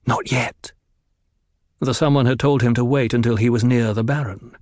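In a studio-quality recording with no echo, a man tells an audiobook story in his mid-range voice. His delivery stays measured and even.

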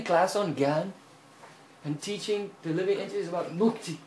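Over a faint hiss and a noticeable room echo, a man with a fairly high voice preaches through stories. He's animated, chuckles often, and repeatedly stops to check in with listeners, tossing out a "hmm?"

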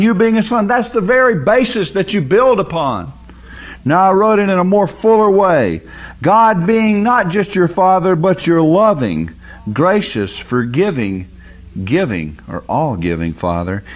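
A man teaching a sermon on scripture, emphatic and repeating words for stress. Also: high voice. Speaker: Bible teacher.

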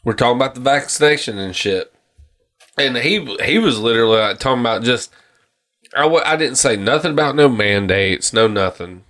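A man's voice: medium pitch, brisk. A man co-hosting a podcast in casual, profane chat, telling stories and acting out people's lines. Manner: profane, animated, acts out stories in voices. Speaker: podcast co-host.

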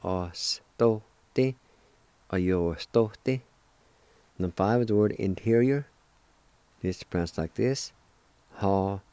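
A man from Oklahoma giving a recorded language lesson, slowly spelling out words and repeating each one with encouragement. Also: on the low side, dark tone, dry recording. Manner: slow, careful, spells words letter by letter and repeats them. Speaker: language teacher and show host.

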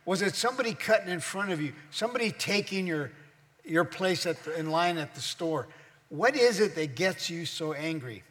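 A middle-aged male pastor preaching a sermon in a church hall, his fairly high voice trailing off in a long reverb. He teaches as he goes and keeps turning questions back to the congregation. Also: expressive, normal speed, fairly bright tone.

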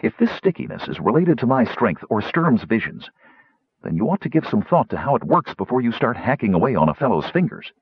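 A man's voice: mid-range voice, very animated, fairly quick, breathy edge, no echo, highs cut off, pitched above the performer's own voice. A man voicing a fierce, proud woman warrior. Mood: firm. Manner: firm, commanding.

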